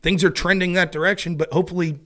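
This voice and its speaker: A man with a high, bright-ish voice talks fast in a steady tone while hosting a casual political commentary livestream. He's sarcastic and exasperated, swearing freely and mocking his opponents in put-on voices.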